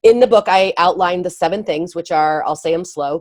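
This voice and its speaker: In a conversational interview full of quick laughs and restarts, this woman, an author and speaker on early education, lays out her ideas as a guest. She has a lowish, darkish voice, and the recording is dry.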